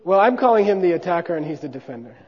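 Brief: high-pitched male teacher, joking, barks drill syllables for students to echo; muffled hall recording. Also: sing-song, racing, husky. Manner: joking, drills syllables loudly for the class to repeat. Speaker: teacher of monastic debate. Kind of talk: hands-on class demonstration with call-and-response drills. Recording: dull recording in a reverberant hall.

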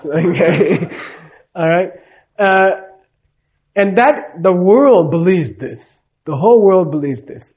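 A man with a slightly high, slightly mellow voice and a breathy edge gives a live spiritual teaching talk. He speaks conversationally, often checks in with the room, and acts out the dialogue when telling stories.

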